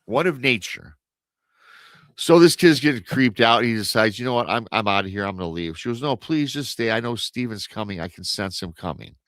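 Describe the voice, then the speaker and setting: A man's voice: fairly low pitch, fast, few pauses, fairly bright tone, no room sound, studio quality. A man telling a spooky story in a casual, rambling way on a radio show, repeating words and acting out the dialogue.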